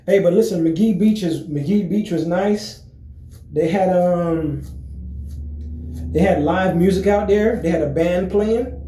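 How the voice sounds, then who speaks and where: A man talking casually to his viewers in a relaxed, rambling way, full of fillers and restarts. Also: high voice, slow, roomy sound, a little hiss or hum, poor audio. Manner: relaxed, friendly greetings. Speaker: vlogger. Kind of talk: casual chat to camera.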